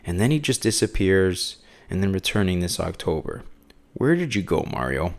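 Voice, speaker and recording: A man's voice: low-pitched, big pitch swings, moderate pace. A man hosting a casual comic book review podcast, rambling with many fillers and restarts. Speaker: podcast host.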